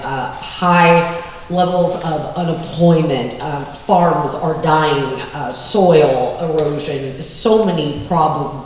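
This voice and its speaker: A woman, a congressional candidate, answering at a forum in an earnest, plain-spoken way. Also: sits low. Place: large echoey hall. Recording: echoey hall, voice from far off, faint noise.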